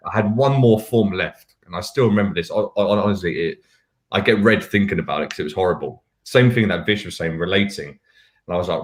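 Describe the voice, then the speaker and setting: A man's voice: deep voice, brisk. A man from the UK, a podcast panelist, telling candid, rambling anecdotes with self-mocking asides in casual chat. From United Kingdom.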